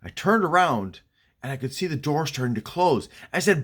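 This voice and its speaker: Man telling a hushed horror story. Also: on the high side, animated, normal speed. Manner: hushed, swinging to frantic cries.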